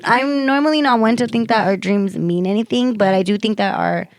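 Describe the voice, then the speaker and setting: A woman's voice: medium pitch, a little fast, a little hiss or hum. A young woman co-hosting a podcast, chatty and reflective in casual talk. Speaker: podcast co-host. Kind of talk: casual chat.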